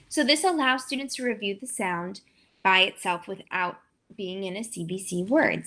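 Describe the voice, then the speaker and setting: Bright-voiced woman teacher sounding out letters. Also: medium pitch, animated, a little slow. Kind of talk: demo lesson walkthrough.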